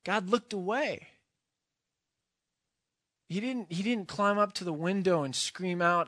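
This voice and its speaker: A man preaching a sermon, earnest, moving from quiet, hushed passages to loud, impassioned ones. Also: high voice, takes it slowly, pauses often, no room sound, studio quality. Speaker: pastor.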